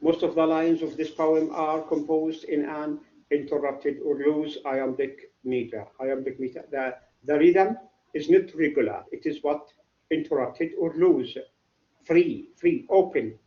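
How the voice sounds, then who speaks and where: Guy teaching class, talks real slow, keeps asking "what?", muffled lo-fi recording. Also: on the high side, warm tone, roomy sound. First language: Arabic. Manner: repetitive, quizzes students with "what?". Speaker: English literature teacher. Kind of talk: classroom lecture.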